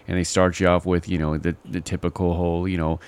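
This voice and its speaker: A low-pitched man talks casually on a podcast, rambling through his thoughts with plenty of fillers. He leans on "you know" and "right?" and slips into animated impressions of the people he describes. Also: fast talker, smooth. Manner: animated, mimics call-center agents in exaggerated voices. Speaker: podcast co-host. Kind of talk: casual chat.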